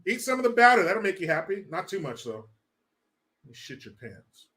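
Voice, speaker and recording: A man's voice: high-pitched, sing-song, moderate pace, sharp tone. A man hosting a casual livestream, reading chat and ranting with lots of profanity and laughter. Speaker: live stream host.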